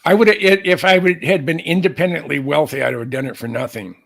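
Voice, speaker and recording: A man's voice: on the high side, fast, creaky. An older man from the San Francisco Bay Area, co-hosting a casual chat and telling rambling stories with many restarts. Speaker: co-host, aviation author.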